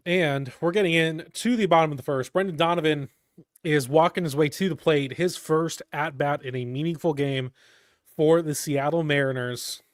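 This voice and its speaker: A man giving live fan play-by-play of a baseball game, calm between pitches and shouting on big plays. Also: moderate pace, no echo, clean studio sound. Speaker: fan commentator.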